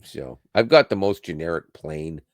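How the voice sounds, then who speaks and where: A man's voice: extremely low pitch, animated, normal speed, no echo. A man co-hosting a podcast, chatting casually about tech, rambling and correcting himself as he goes and laughing often. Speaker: podcast co-host.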